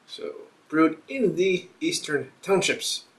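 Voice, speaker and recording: A man's voice: on the high side, lively intonation, slow pace. A man hosting a casual beer review vlog, thinking aloud and rambling as he reads the label.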